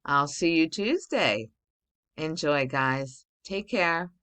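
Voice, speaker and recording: Slow, low-voiced woman teacher. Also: lively intonation, fairly bright tone, clear, resonant tone. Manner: patient, explains step by step, many okays. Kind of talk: recorded spelling and grammar lesson for children.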